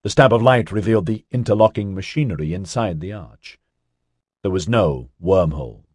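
A man narrating an audiobook in a steady storytelling manner. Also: low-pitched, moderate pace, slightly rough, no echo, studio quality. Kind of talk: scripted narration.

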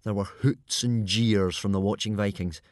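A man narrating a children's adventure book in a lively, expressive reading. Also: on the low side, moderate pace, no echo, studio quality. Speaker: audiobook narrator. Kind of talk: scripted storybook narration.

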